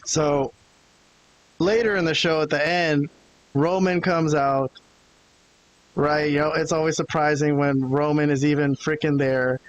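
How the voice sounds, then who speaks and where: Animated higher-voiced male podcast host. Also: a little slow, long pauses, highs cut off. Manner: animated storyteller, acting out quotes. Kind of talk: casual wrestling recap chat.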